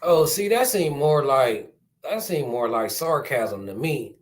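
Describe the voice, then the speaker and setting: A man's voice: medium pitch, lively intonation, measured pace. Casual man reacting live to news. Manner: casual, informal slang. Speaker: reaction channel host.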